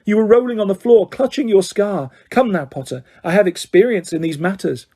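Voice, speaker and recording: A man's voice: high-pitched, a little fast, dark tone, pitched above the performer's own voice. A man voicing an eccentric female divination teacher in an audiobook, speaking dramatically and insistently. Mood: insistent mystical.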